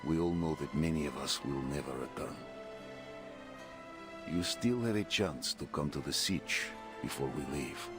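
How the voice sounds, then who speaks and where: A man voicing a grave military commander in a solemn, steady voice. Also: rumbling low, moderate pace, music in the background, pitched below the performer's own voice.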